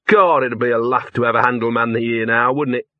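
Male reader doing a cynical, scruffy old dog in a storybook, muttering and rough-spoken, huskyish. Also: medium pitch, lively intonation, measured pace, no echo, muffled recording. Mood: mocking. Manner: grumbling, sardonic, rough-spoken.

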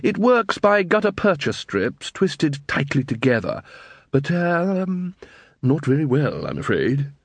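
A gentle, absent-minded inventor, put on by a male reader, who stammers politely. The voice is husky and shifts about in pitch. The sound is close and dry. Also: very animated, measured pace, no room sound, heavily acted. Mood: apologetic. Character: mild, dithering male inventor.

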